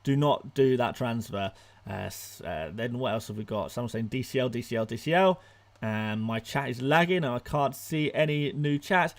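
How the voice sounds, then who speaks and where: A young man hosting a live stream, firing off rapid answers to viewer questions, excitable and laughing often, out of breath at times. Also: on the high side. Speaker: fantasy football streamer.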